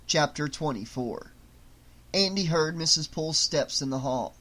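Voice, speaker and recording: A man reading an audiobook in a steady, measured way. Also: fairly high pitch, low-quality recording. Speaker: audiobook narrator. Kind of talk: audiobook narration.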